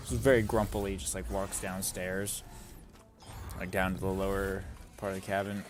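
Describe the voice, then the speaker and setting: Male streamer, low voice, rambling casual chat with heavy swearing, over loud game music. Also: flat delivery, moderate pace. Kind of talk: casual live-stream chat while gaming.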